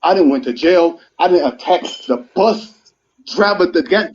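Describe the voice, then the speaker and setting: A man's voice: sits high, expressive, normal speed, darkish tone. A man of thirty speaking earnestly and with feeling, his voice rising as he pleads his case. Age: 30s. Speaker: guest speaker on a live stream. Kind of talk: emotional live-stream monologue. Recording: muffled live-stream audio.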